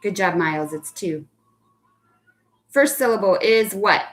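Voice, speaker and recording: Slow, patient woman teaching phonics. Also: medium pitch, lively intonation. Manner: patient, encouraging, praises children by name; slow and deliberate when spelling out words. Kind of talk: live online phonics lesson.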